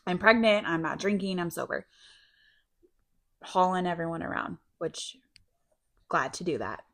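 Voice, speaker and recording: A woman's voice: lowish voice, expressive, measured pace. A woman co-hosting a podcast, telling a long, rambling personal story in a casual, filler-heavy way. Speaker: podcast co-host.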